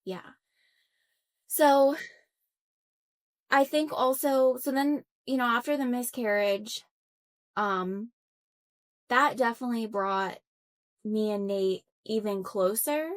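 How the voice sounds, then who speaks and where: A woman's voice: fairly high pitch, slow, pauses often. A young adult woman, a podcast guest, earnestly telling a personal story in conversation, reflective and full of fillers and restarts. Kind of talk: conversational interview.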